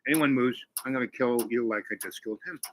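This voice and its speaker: A man retelling a film who quotes a ruthless armed woman, giving flat, threatening orders. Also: medium pitch, fast, lightly acted, poor audio. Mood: cold menace. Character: cold ruthless woman with a gun.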